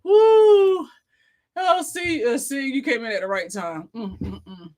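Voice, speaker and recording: A woman hosts a casual livestream chat, laughing constantly as she reads viewer comments aloud. Her mid-range voice is very animated and moves at a normal speed.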